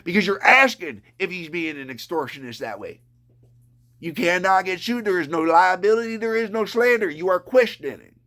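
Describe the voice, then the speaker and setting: A man's voice: sits high, animated, moderate pace, pushed and bright. A man on a live stream ranting with profanity and mockery, sometimes talking about himself in the third person. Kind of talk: angry live-stream rant.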